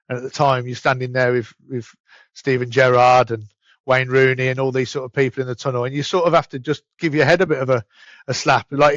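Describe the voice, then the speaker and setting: A man's voice: mid-range voice, no echo. Brummie guy chatting on a podcast, lots of restarts, dry kinda dull audio. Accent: Birmingham. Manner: chatty, stumbling restarts, rushed bursts. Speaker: podcast guest, events company director. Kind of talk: casual interview chat.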